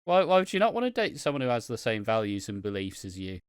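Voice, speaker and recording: A man's voice: fairly low pitch, very animated, fast, clean tone, no echo, clean studio sound. A man from Wales co-hosting a podcast, chatting casually, swearing freely and laughing often as he rambles. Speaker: podcast co-host. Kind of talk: casual chat.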